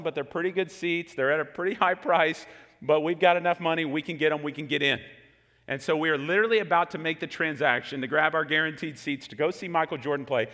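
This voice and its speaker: A man in his forties preaching to a congregation, telling a lively story with jokes. His voice is fairly high for a man and bright, and it carries through a large hall with a long reverb. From Texas. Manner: animated storytelling with jokes to the room. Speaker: pastor. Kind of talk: sermon.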